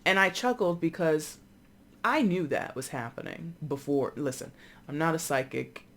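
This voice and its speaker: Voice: medium pitch, moderate pace, slight background noise. A tarot reader giving a casual, rambling reading with many asides. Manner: chatty, rambling, animated with frequent asides.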